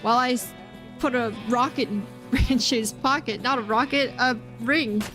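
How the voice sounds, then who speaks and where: A woman's voice: on the high side, measured pace, sharp tone, soft background music. A young woman streaming a game live, chatting with viewers in a giggly, rambling way. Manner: giggly, rambling, talks to chat. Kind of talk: live gameplay stream chat.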